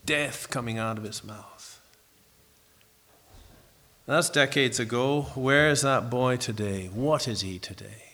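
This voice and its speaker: A middle-aged man preaching a sermon in an earnest, reflective way, pausing and restarting as he tells a story. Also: medium pitch, bright, forceful tone.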